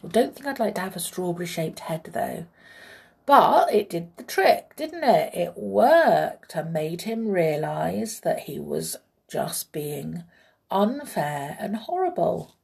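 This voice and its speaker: A woman storyteller reading a children's story aloud in a gentle, expressive way, chatting warmly with her young listeners. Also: on the low side, slow pace, creaky.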